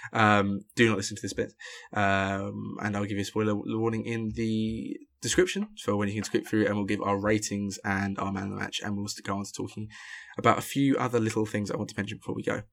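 A man co-hosting a casual film review podcast, ranting and getting louder when annoyed. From London. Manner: ranting, gets loud and high when annoyed. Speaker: podcast co-host.

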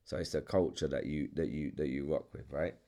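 A man's voice: a bass voice, a little fast, gravelly, mellow. A young man with a London English accent hosting a casual chat, restarting sentences, repeating himself and swearing freely. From England. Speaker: podcast host.

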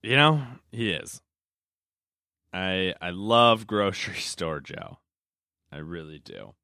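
Young male podcast host, casual rambling chat, lowish voice, dry close-miked sound. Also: expressive, slow, bright, forceful tone, smooth, no echo. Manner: rambling, chatty, hesitant with fillers and self-corrections.

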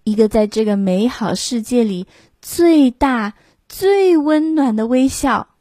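Slow, clear storybook reader woman. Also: fairly high pitch, lively intonation, dark tone, no room sound, studio quality. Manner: slow, clear read-aloud. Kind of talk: bilingual picture-book read-aloud.

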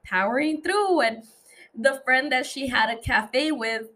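Her voice is high and bright with a forceful edge, lively in intonation but measured in pace. A young woman chatting alone on her podcast, she keeps things loose and playful, cursing freely, using lots of fillers and laughing between ideas.

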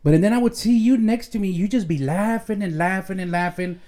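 Fairly quick and warm, with a voice that sits high, the middle-aged host chats casually on his at-home podcast. The talk wanders, full of jokes and Spanish slang.

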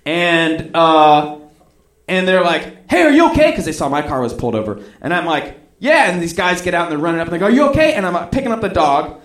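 A man with a slightly higher voice tells a personal story in a loose, rambling way. He acts out the other people's lines as he goes. The recording has a roomy echo. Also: a little fast, fairly bright tone.

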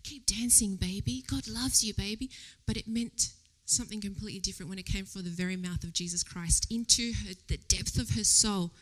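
A woman giving a casual church sermon. She tells a personal story in a chatty, animated way, laughs often and drops to a whisper for quoted thoughts. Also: mid-range voice, brisk, few pauses. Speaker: lay preacher. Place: church service before a congregation.

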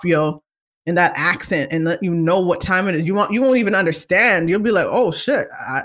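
A woman hosting a casual talk show, chatting in an animated, opinionated way with many fillers and asides. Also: lowish voice. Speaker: podcast host. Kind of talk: casual chat.

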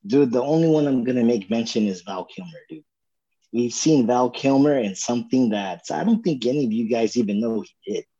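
Chill husky guy telling a story, says dude a lot, muffled sound. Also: mid-range voice, a little fast. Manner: relaxed, keeps saying "dude". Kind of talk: casual storytelling. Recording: dull lo-fi sound.

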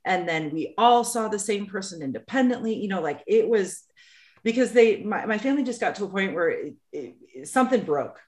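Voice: medium pitch, expressive, brisk, darkish tone. A podcast co-host in casual conversation, speaking earnestly and reassuringly, repeating words for emphasis. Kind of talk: casual chat.

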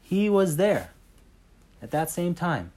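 A man leading a casual Bible study, telling stories in an animated way and filling his talk with "like" and "right?". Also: high-pitched, slow. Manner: animated storyteller, heavy on fillers like "like" and "right?". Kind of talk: casual faith chat.

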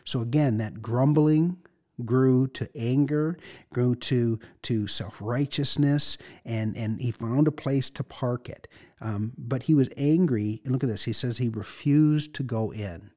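Earnest pastor man with a mellow voice. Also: mid-range voice, unhurried. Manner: earnest, repeats words while thinking. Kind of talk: sermon-style Bible teaching.

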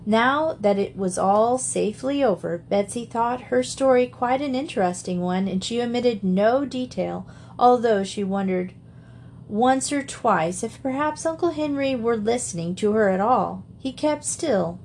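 Steady woman reading a storybook. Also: a little high, measured pace, a little hiss or hum. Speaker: audiobook reader. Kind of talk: storybook narration.

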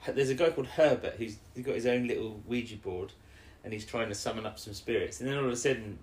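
A woman recapping an episode in casual chat with a co-host, rambling along and now and then putting on quick voices for the characters. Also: rumbling low, darkish tone. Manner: rambling recap with brief put-on quoted voices. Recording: echoey room.

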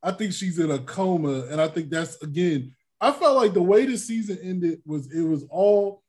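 A man hosting a casual podcast chat, animated, acting out his reactions with loud exclamations. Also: high-pitched, moderate pace. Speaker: podcast host.

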